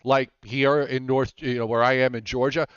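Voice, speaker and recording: Smooth-voiced man, halting. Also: medium pitch, flat delivery, no room sound. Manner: halting, frequent restarts. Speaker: weather show host. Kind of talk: casual chat. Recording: dull lo-fi dry sound.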